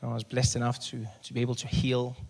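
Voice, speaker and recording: A man, doing animated stand-up storytelling. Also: medium pitch, quick pace, creaky. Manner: animated storytelling, big shouted character voices. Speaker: stand-up comedian. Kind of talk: stand-up comedy.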